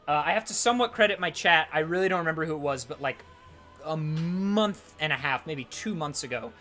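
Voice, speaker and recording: Bright, slightly high male game master, fast and animated, lots of filler words. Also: faint music behind. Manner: rapid, animated narration with many fillers. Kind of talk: narrating a tabletop game.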